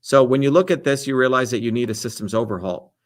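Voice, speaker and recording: A man's voice: mid-range voice, fast talker. A middle-aged man answering debate questions on a live stream, emphatic and lecturing in tone. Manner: emphatic, lecturing, repeats "the reality is".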